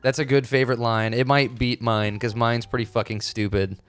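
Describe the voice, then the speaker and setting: Man, podcast co-host, casual chat, swears, loses his words, smooth resonant voice. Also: medium pitch, level tone, a little fast, faint music behind. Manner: laid-back, swears, trails off searching for names.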